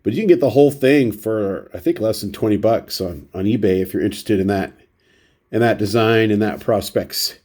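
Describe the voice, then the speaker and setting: A man's voice: on the low side, fairly quick, a little mellow. A man with a runny, stuffy nose chatting casually through a stack of baseball cards, rambling and poking fun at himself. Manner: rambling, self-deprecating, shows cards one by one. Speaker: baseball card vlogger. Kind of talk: casual chat.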